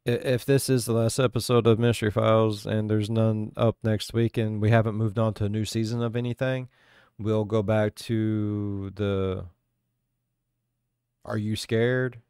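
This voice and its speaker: Low-voiced male reaction host, offhand and conversational, dry close recording. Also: level tone, a little slow, darkish tone, smooth, no room sound. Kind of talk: casual commentary to viewers.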